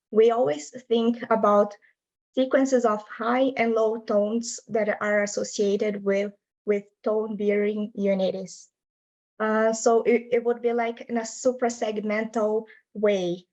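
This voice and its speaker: A woman's voice: mid-range voice, a little mellow, low-quality recording. A young adult woman presenting her linguistics research in an academic talk over a video call, explaining patiently in non-native English phrasing.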